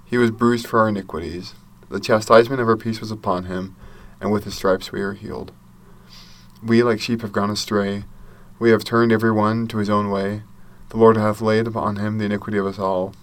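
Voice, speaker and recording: A man with a fairly low voice gives a devotional talk. He reads scripture in a measured, earnest and reverent way. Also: flat delivery. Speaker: church speaker.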